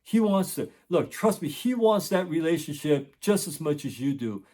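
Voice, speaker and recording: A man's voice: on the high side, lively intonation, normal speed, mellow. A middle-aged man, a tutor hosting his channel, telling a story in a casual monologue and earnestly repeating his points for emphasis. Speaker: tutor and education channel host.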